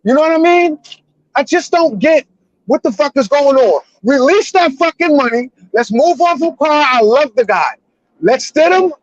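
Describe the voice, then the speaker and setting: A man in his forties calling in to a live show, ranting loudly and emotionally with heavy cursing. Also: very high-pitched, dry recording, lo-fi sound. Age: 40s. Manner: loud, emotional and profane. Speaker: caller. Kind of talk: heated fan rant on a live call-in show.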